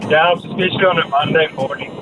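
A man calling into a radio show, answering briefly and relaxed. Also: a little high, fast, muffled recording, noisy background. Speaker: caller. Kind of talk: call-in radio chat.

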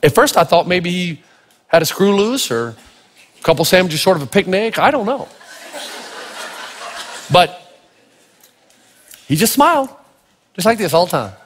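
Animated husky-voiced pastor preaching in a hall. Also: male voice, high voice, normal speed, long pauses. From Tennessee. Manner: animated, acts out voices in stories. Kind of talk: storytelling sermon. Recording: long reverb of a large hall.

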